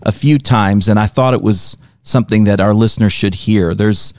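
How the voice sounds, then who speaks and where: A man's voice: on the low side, steady tone, moderate pace, a little mellow, dry recording, clean studio sound. A man hosting an interview, asking his guest questions and affirming briefly. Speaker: host. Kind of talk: casual interview.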